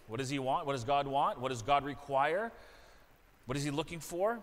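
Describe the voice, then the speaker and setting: A man's voice: mid-range voice, expressive, fast. Earnest man preaching in a reverberant church. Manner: earnest, repeats phrases for emphasis. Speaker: pastor. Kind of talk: sermon. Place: church sanctuary.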